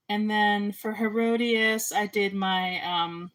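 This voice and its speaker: Young woman, casual chat, rambling, filler-heavy, middle-pitched voice, indie filmmaker. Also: a little slow, few pauses, a bit bright, low-quality recording. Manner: rambling, chatty, lots of ums and likes. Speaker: amateur filmmaker and artist.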